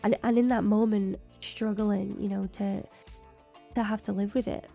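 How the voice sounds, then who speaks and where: A woman's voice: medium pitch, fairly even intonation, normal speed, gravelly, mellow, faint music behind. A woman hosting a TV reaction video, talking through her thoughts in long rambling runs while losing her voice. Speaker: reaction channel host. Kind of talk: TV reaction commentary.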